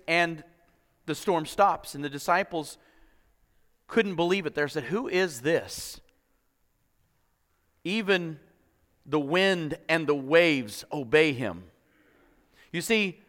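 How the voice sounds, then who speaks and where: A man's voice: a little high, pushed and bright. A man preaching a sermon as pastor, often repeating words as he starts sentences and building in intensity. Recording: long reverb of a hall.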